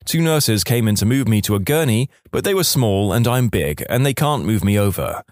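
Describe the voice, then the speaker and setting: A man narrating online stories aloud with wry, expressive storytelling. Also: fairly low pitch, normal speed, no room sound, studio quality.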